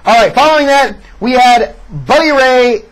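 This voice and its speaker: A man reviewing a wrestling show in casual chat, sarcastic and animated as he recaps. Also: extremely high pitch, moderate pace, rough recording.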